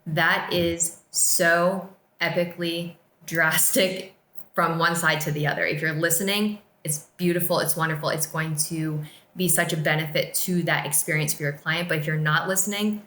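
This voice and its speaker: Here is a woman with a somewhat low, bright, forceful voice who speaks as a podcast guest. She explains things in an earnest, encouraging way, and she is recorded in an echoey room. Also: fairly even intonation, moderate pace. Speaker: podcast guest, office staff. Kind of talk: casual podcast chat.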